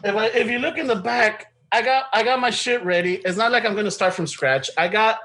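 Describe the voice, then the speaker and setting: A man's voice: high-pitched, brisk, bright, forceful tone. A man co-hosting a podcast in casual chat, rambling and defensive, mixing Spanish phrases into his English. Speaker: podcast co-host.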